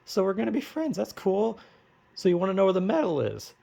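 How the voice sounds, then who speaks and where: A man voicing a sulky, childish male villain in a squeaky, stammering voice while retelling a movie. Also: sing-song, a little fast, gravelly, mellow, heavily acted. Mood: sheepish.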